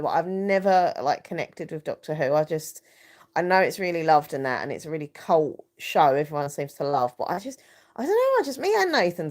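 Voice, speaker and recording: A woman in her thirties with a lowish voice talks casually on a live stream. She rambles and restarts often and stops now and then to read out viewers' comments. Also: darkish tone. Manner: rambling, chatty, lots of fillers and restarts. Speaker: YouTuber hosting a live stream.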